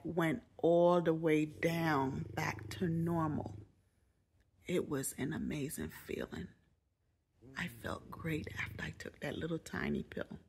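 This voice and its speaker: Gravelly-voiced woman telling a story. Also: deep voice, slight background noise. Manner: animated, jokey, quoting others in raised voices. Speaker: vlogger. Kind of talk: casual storytelling.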